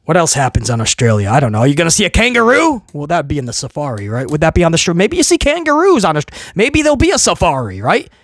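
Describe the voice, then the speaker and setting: A man's voice: fairly high pitch, huge pitch swings, quick pace, few pauses, fairly bright tone, dry recording, studio quality. A man hosting a casual video review, ranting in a sarcastic, exasperated way and rambling with many restarts. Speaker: wrestling show reviewer, host.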